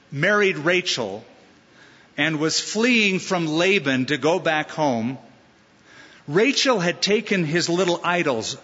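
Animated preacher man in a reverberant hall. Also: on the high side. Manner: animated, mocking asides and acted quotes. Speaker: pastor. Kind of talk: sermon. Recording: long-reverb hall, dull lo-fi sound.

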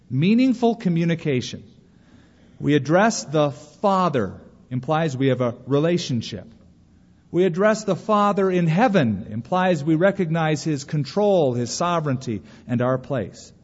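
Pastor preaching in a reverberant hall. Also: male voice, fairly high pitch, darkish tone, breathy edge. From California. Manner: earnest preaching with rhetorical questions and story asides. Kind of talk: sermon. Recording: reverberant hall, dull lo-fi sound.

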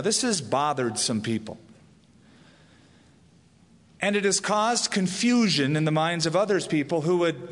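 Brief: male preacher, slightly high voice, teaching sermon, long hall reverb. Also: fairly bright tone. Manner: explanatory, storytelling. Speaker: pastor.

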